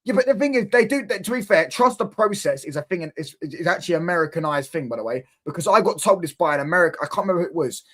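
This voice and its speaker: A man's voice: high-pitched, lively intonation, very fast, few pauses, fairly bright tone. A man hosting a football reaction stream, ranting in exasperated casual chat and asking rhetorical questions.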